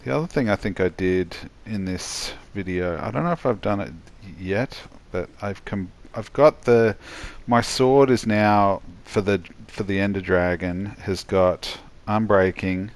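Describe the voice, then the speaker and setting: A tired man giving a rambling, halting voice-over commentary on his own gameplay, yawning as he goes. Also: lowish voice. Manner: rambling, halting, many restarts and fillers.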